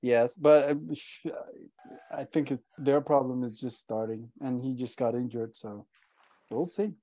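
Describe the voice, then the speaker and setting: A man on a casual football podcast, hesitant and dropping deadpan quips. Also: medium pitch, a little slow, no echo. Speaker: podcast guest. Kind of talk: casual chat.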